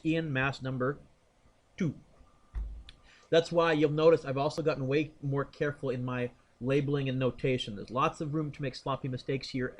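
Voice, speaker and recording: A male physics teacher working through a momentum problem aloud in class, thinking out loud and quizzing students by name. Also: a little high.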